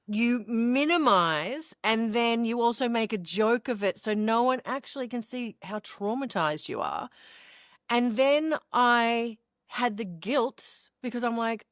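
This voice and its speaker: A woman's voice: a little high, a little slow, no room sound, studio quality. A middle-aged woman with an Australian accent, telling her own story candidly as an interview guest and acting out the voices of people she quotes. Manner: expressive, acts out quoted voices, laughs while telling.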